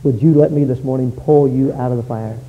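A man preaching an evangelistic sermon, telling a story and swinging from hushed to loud. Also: medium pitch, steady tone, brisk, narrow, tinny audio, a little hiss or hum.

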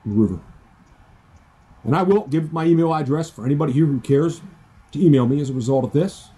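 A man's voice: fairly high pitch, dark tone, breathy edge. A man preaching his personal testimony with fervor, quoting scripture in old-fashioned wording. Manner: fervent, preachy, quotes scripture in King James wording. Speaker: evangelist giving testimony.

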